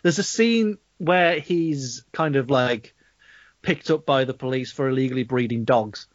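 A man's voice: mid-range voice, a little slow, no echo, dull audio. A man with a Black Country accent, co-hosting a casual film review podcast, swearing and laughing through a rant. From Black Country, England. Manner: sweary, ranting, laughing often. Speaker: podcast co-host.

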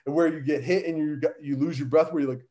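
A man telling a childhood story in casual chat, animated, with lots of fillers and frequent laughter. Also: fairly high pitch, quick pace. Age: adult. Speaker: guest, son of a wrestler.

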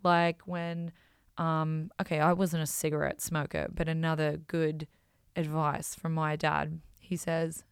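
A woman hosting a podcast, telling stories in an animated, self-mocking way and swearing freely. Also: sits low, normal speed, smooth, no echo, clean studio sound. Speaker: podcast host. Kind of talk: casual storytelling.

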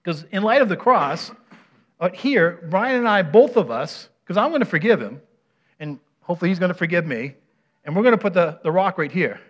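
A man's voice: high voice, animated, fairly quick. Guy pastor chatting thru a sermon demo, keeps saying right?, kinda muffled recording. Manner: asks the audience questions, often adds "right?". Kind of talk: conversational sermon with a live demonstration.

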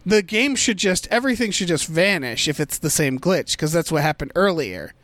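A man's voice: on the high side, lively intonation, moderate pace, a bit bright, no echo. A man in a casual movie review chat, rambling and thinking aloud as he picks apart a plot.

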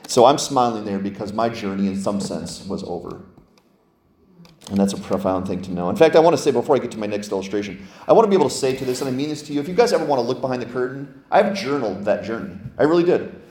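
A man, a lead pastor, preaching a lively, conversational sermon full of rhetorical questions. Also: mid-range voice, quick pace, reverberant, a little hiss or hum. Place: church sanctuary.

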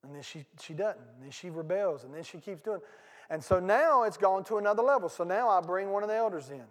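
Male pastor, high-pitched, conversational sermon delivery, repeats lines for emphasis; long sanctuary reverb. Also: lively intonation, fast. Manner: conversational preaching, swinging from loud bursts to hushed asides; repeats and restarts phrases for emphasis. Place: church sanctuary.

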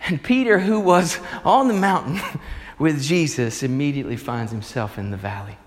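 Animated preacher in an echoey hall. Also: male voice, fairly high pitch, normal speed. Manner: animated storytelling, emphatic. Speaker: pastor. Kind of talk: sermon.

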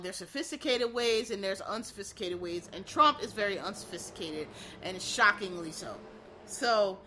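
Female solo commentator, forceful and bright, animated rambling delivery with profanity. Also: mid-range voice. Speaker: political commentator.

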